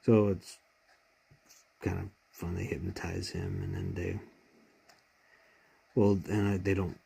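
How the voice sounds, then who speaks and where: Male, casual fan vlogger, husky deep voice, emotional, restarts often. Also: sing-song, slow, warm tone. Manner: heartfelt, rambling retelling with many restarts. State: choked up with emotion. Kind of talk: casual fan commentary on a TV show.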